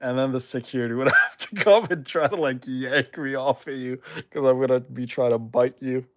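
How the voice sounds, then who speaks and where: A young man streaming and reading chat, teasing his viewers playfully and then turning soft and reassuring. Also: medium pitch, moderate pace, dry recording, studio quality.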